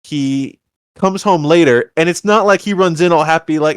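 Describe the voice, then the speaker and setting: A man co-hosting a podcast, chatting casually about a film and acting out the characters' lines in an animated way. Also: on the high side, normal speed, smooth, dry recording, studio quality. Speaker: podcast co-host. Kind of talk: casual movie review chat.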